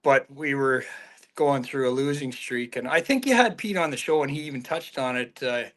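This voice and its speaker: A man's voice: mid-range voice, normal speed. Man fondly reminiscing on a podcast. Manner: relaxed, reminiscing. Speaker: podcast guest, hockey scout. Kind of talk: casual chat.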